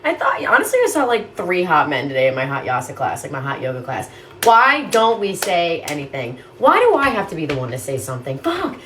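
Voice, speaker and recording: A woman's voice: fairly low pitch, wildly swooping pitch, fairly quick, a bit bright, slight background noise. A young woman in her twenties ranting casually to camera about dating, exasperated and profane. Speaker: content creator.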